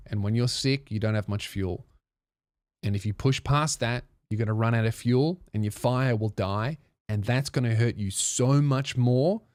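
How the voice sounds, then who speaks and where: A man's voice: lowish voice, darkish tone, no echo. A man hosting a comedy podcast, reading viewer emails aloud and riffing on them with profane, mocking asides.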